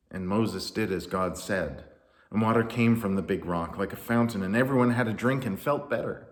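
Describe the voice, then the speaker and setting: A man narrating a children's story in a lively, animated way. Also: fairly low pitch, moderate pace. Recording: roomy echo.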